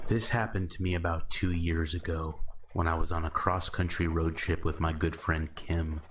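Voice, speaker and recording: A man narrating horror stories in a slow, measured, calm scripted style. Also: sits low, noisy background.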